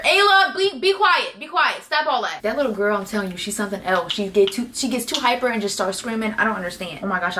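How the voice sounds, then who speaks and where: A teenage girl chats through a hair-care haul. She gushes and repeats herself, piling up excited praise in a loose, casual way. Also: mid-range voice. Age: teens. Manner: gushing, chatty, repeats herself. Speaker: beauty vlogger.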